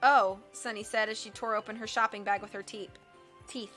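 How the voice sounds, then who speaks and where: A woman reading a novel aloud on a livestream, with expressive, wry storytelling. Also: medium pitch, a little fast, faint music behind. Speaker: audiobook reader.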